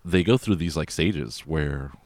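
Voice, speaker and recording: Man, extremely low voice, profane casual movie recap host, dry close mic. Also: a little slow, darkish tone, no room sound. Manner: rambling, profane, loose and conversational. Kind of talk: casual film recap chat.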